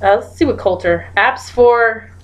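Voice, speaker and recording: A woman talks through a guessing game in a relaxed, unhurried way, reading prompts aloud and giggling at her own guesses. Her delivery is slow, with a faint hiss in the background. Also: on the high side. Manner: giggly, thinks aloud while typing guesses. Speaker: gaming YouTuber. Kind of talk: casual gameplay commentary.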